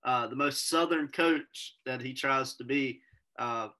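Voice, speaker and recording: A young man co-hosting a casual interview, speaking haltingly with fillers. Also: mid-range voice, pushed and bright. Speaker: podcast co-host.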